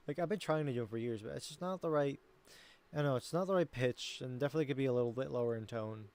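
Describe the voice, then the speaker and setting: A man's voice: mid-range voice, expressive, fast talker, a little mellow. Rambling, self-critical male streamer. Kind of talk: casual chat.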